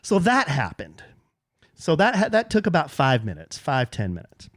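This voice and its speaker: A middle-aged man co-hosting a podcast, telling a story in casual chat and jumping up high whenever he quotes someone. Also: normal speed, no echo, clean studio sound. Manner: animated, jumps high when quoting people. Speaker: podcast co-host.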